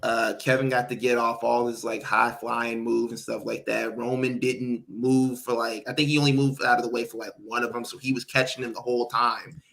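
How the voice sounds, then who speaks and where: A man's voice: medium pitch, brisk, gravelly, few pauses. A man co-hosting a podcast in casual chat, animatedly recapping a wrestling match and acting out what people said. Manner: animated recapping, acts out quotes. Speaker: podcast co-host.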